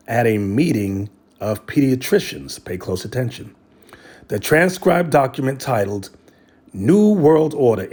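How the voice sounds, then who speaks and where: A man's voice: medium pitch, warm tone, husky. A man giving a sermon, reading a document aloud and breaking off to address his listeners directly with emphatic commentary. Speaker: religious teacher.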